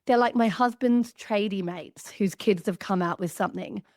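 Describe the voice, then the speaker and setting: An Australian woman in her thirties, a guest author talking in a chatty, animated way on a podcast. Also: medium pitch, normal speed, dry recording, clean studio sound. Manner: animated, chatty, lots of "like" fillers. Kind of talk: podcast conversation.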